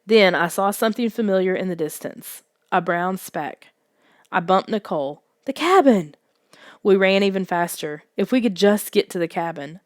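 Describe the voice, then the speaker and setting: A woman narrates a suspense audiobook in a hushed, lowish voice at a moderate pace. The scripted reading is captured in a clean, dry studio recording.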